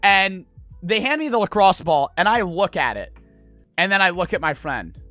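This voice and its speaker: A man's voice: high-pitched, big pitch swings, normal speed, pushed and bright, soft background music. A young man streaming, telling a rambling, profane story to his chat. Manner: rambling, profane, full of fillers.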